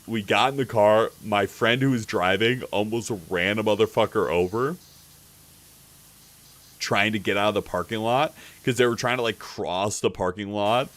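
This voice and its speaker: A man's voice: on the low side, a bit bright. A man streaming live, telling a story in a rambling, casual way, with lots of fillers and swearing.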